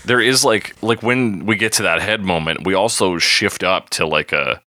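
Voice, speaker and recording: A man's voice: low voice, normal speed, bright, forceful tone, dry recording, studio quality. A man co-hosting a casual music podcast, chatting and humming bits of songs to show what he means. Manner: sings and vocalizes bits of songs to illustrate. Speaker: podcast co-host.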